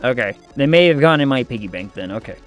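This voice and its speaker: A man co-hosting a gaming stream, talking in a relaxed and reflective way. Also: medium pitch, fast talker, faint music behind. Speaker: streamer co-host. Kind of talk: casual chat while gaming.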